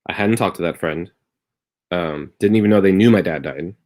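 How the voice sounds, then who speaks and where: A man's voice: sits low, moderate pace, a little mellow. A comedian telling a rambling personal story on a live stream from his bedroom at home, wry at moments and tender at others. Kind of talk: casual confessional monologue.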